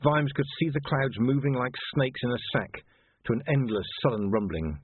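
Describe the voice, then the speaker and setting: Brief: male audiobook narrator, animated delivery, tinny phone-like sound. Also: mid-range voice, moderate pace, slightly rough, no room sound. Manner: expressive storytelling. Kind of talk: scripted narration.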